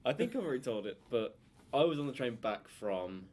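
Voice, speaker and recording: A man's voice: medium pitch, sing-song, fairly quick, darkish tone. A young man with a Birmingham accent, co-hosting a casual chat podcast and telling a long story with many restarts. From England. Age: young adult. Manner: rambling, storytelling with restarts and laughs. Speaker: podcast co-host.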